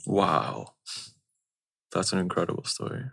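A man hosting a podcast and asking a guest a calm, measured question. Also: low-pitched, vocal fry, slightly rough, dry recording. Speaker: podcast host. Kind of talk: interview questions.

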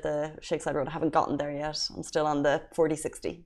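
A woman's voice: deep voice, level tone, quick pace, darkish tone. A woman from Ireland co-hosting a casual talk show, chatting, laughing and reading news stories. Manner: chatty, laughing, self-deprecating. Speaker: show host.

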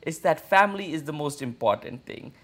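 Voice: mid-range voice, lively intonation, a little fast, a bit bright. Podcast co-host, sarcastic and teasing, casual debate, mock praise with laughing asides.

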